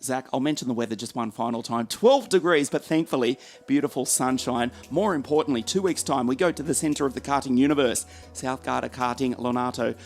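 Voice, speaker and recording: A man's voice: mid-range voice, brisk, few pauses, faint music behind. A man commentating live on a karting race from the commentary box, reeling off drivers and teams and joking with his co-commentator. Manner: lively, joking banter between race calls.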